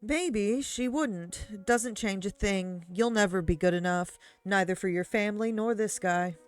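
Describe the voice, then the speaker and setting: A woman voicing a smug, scornful male doppelganger who mocks slowly. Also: medium pitch, clean tone, soft background music, lightly acted. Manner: mocking, drawn-out.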